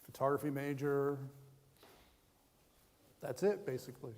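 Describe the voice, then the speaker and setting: A man's voice: medium pitch, a little slow, darkish tone. A man telling a personal testimony to students in a conversational, self-deprecating way, in a large chapel hall. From United States. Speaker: guest speaker. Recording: long hall reverb.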